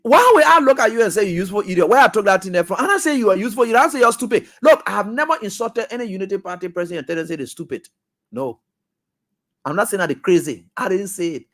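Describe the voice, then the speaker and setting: Animated man on talk radio. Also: sits high. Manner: animated, scolding, mocking. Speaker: radio talk show host. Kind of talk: political commentary.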